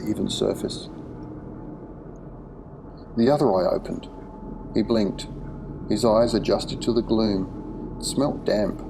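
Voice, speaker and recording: A man narrating a horror short story in a measured, vivid storytelling manner. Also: lowish voice, creaky, noisy background.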